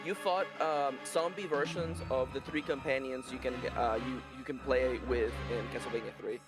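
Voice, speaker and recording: A man's voice: mid-range voice, steady tone, moderate pace. A man from California chatting casually on a game stream, rambling and tripping over his words as he gives tips. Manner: rambling, stammers and repeats words. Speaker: co-streamer guest. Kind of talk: casual gaming chat. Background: game music.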